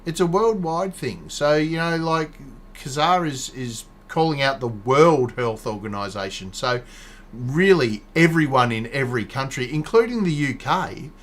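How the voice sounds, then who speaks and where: A man hosting a casual online chat show talks in a rambling way over a video call, laughing often and restarting his sentences. He's a podcast host with a medium-pitched, animated voice and an unhurried pace.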